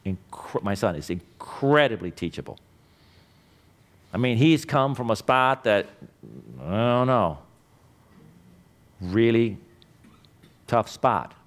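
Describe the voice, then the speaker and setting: Middle-aged male instructor, blunt and emphatic, lively pitch swings, lecturing a class. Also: takes it slowly, long pauses. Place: classroom with students.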